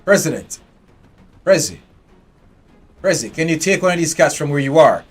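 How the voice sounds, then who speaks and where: A man's voice: on the high side, animated, moderate pace, husky, soft background music. Chatty man streaming a game. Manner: chatty, talks to his game characters. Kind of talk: live gameplay commentary.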